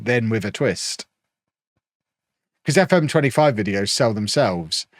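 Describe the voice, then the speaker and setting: A man's voice: mid-range voice, dry recording, studio quality. A man live-streaming a football management game, chatting and thinking aloud with mock indignation.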